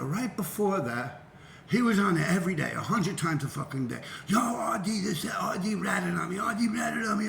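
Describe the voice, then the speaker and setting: A middle-aged man telling a profane, animated story about his graffiti past and acting out the voices of people he quotes. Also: on the high side, vocal fry, roomy sound, slight background noise. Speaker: graffiti writer and show host. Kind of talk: casual storytelling.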